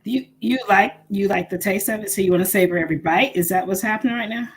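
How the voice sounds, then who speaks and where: A woman guest speaker and educator, telling stories in a casual chat, animated and quick to laugh at herself. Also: mid-range voice, breathy edge. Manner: animated, laughing, self-deprecating.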